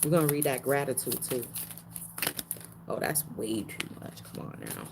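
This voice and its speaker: A woman giving a casual spiritual card reading, talking in slang and repeating her phrases, her pitch jumping up now and then for emphasis. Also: normal speed, background noise.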